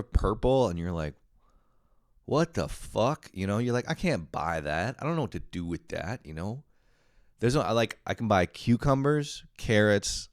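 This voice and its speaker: A man's voice: on the low side, no echo, studio quality. A man hosting a podcast, talking in a rambling, profane casual monologue full of fillers. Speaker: podcast host.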